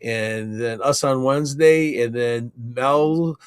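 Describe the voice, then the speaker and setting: A man co-hosting a casual chat show, rambling and halting with many fillers. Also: mid-range voice, smooth, dry recording, clean studio sound. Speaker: co-host.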